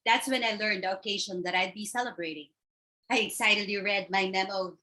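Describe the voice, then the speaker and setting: A woman's voice: medium pitch, brisk, pushed and bright. Theatrical woman telling a comic story. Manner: theatrical storytelling, switching between voices. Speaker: contest speaker. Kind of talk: humorous speech performance.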